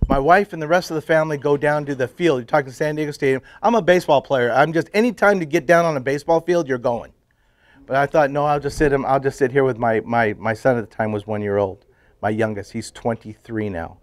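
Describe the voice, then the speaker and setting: A middle-aged man telling his personal faith story to a men's group, drifting into hushed, emotional moments. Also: medium pitch, brisk, dry recording. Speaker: testimony speaker at men's breakfast.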